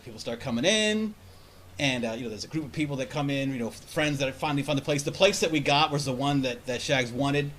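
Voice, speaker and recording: A man's voice: medium pitch, brisk, fairly bright tone, a little hiss or hum. A man on a casual podcast telling a long, rambling, profane story with many restarts. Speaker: podcast host.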